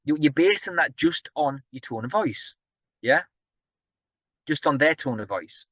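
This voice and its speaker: A man giving an energetic, conversational business talk, often turning to the audience with questions. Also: medium pitch, brisk, dry recording. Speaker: property business speaker.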